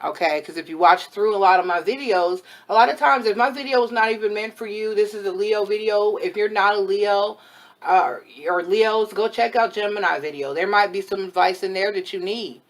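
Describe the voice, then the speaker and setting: A woman's voice: medium pitch, moderate pace. Frank chatty woman reading tarot. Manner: frank, chatty, blunt and motherly advice. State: voice worn from overuse. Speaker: tarot reader and spiritual advisor. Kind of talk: casual tarot reading to camera.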